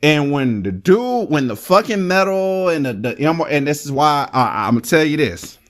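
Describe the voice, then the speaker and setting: A man reviewing a movie in casual chat, excitable and rambling, with lots of swearing. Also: on the high side, normal speed.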